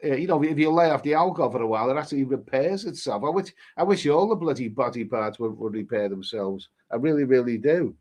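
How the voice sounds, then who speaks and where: A man's voice: mid-range voice, animated, quick pace, hardly any pauses, darkish tone. A man hosting a casual live stream, reading viewer comments aloud and chatting about them in a rambling way, repeating phrases and restarting his sentences. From England.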